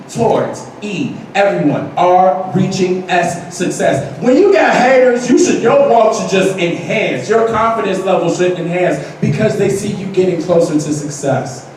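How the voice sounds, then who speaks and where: An energetic man with a fairly high voice gives a motivational speech, leading the crowd in call-and-response. He sounds far from the microphone in a very echoey hall, with noise behind him. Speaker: motivational speaker.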